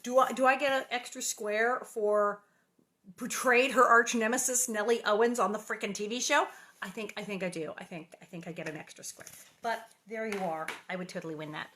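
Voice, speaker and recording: A woman's voice: mid-range voice, fairly even intonation, fairly quick, bright, forceful tone. A middle-aged woman hosting a casual livestream from her living room, chatting in a bubbly, rambling way with lots of asides. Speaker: livestream host reading aloud.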